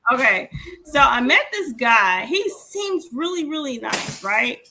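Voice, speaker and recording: A woman's voice: high voice, sing-song, measured pace, pushed and bright, slight background noise. A woman in her forties, a podcast co-host, telling stories animatedly and swearing freely as she acts out the dialogue. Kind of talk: casual storytelling chat.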